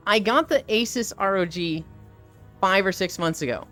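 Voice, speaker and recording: A woman's voice: medium pitch, expressive, normal speed, a bit bright, soft background music. A woman streamer chatting casually and emphatically while she walks, piling up points in long lists. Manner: opinionated, emphatic, builds up lists. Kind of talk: casual live-stream chat.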